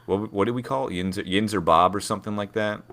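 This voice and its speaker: A man's voice: lowish voice, fast, a bit bright. A man from Pittsburgh co-hosting a sports podcast, opinionated and chatty. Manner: opinionated, chatty, lots of fillers and hedges. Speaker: podcast co-host. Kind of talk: casual sports chat.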